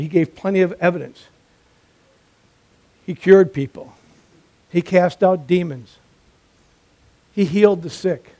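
A man delivers a sermon with emphatic, repeated phrases and a storyteller's ease. His voice is mellow and warm, sitting a bit high for a man. He builds his points through steady repetition. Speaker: preacher.

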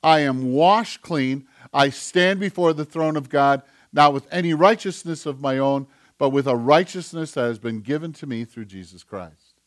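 Male pastor, earnest, emphatic sermon delivery, slightly high voice. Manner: earnest, emphatic preaching that drops to a hush for quiet passages.

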